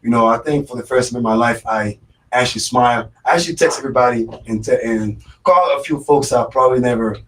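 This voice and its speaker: A man's voice: medium pitch, quick pace, fairly bright tone, recorded from a distance, low-quality recording. A man hosting a live radio show in casual chat, rambling with lots of fillers and repeated words. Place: radio studio.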